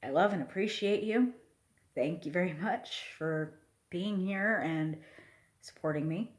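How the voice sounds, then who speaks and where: A trans man with his pre-testosterone voice, talking slowly and heartfelt in a personal video update, halting with many pauses and fillers. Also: sits high. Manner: soft, heartfelt. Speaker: vlogger.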